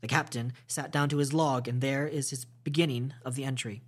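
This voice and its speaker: A man hosting a podcast, reading a classic novel aloud as storytime narration, steady and measured with small slips. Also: mid-range voice.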